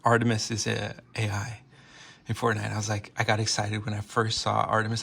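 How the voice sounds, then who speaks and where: A man's voice: on the low side, completely flat delivery, fairly quick, creaky, fairly bright tone, slightly rough. An American man rambling through a casual vlog, joking and interrupting himself often. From United States. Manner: rambling, self-interrupting, jokey. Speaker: vlogger.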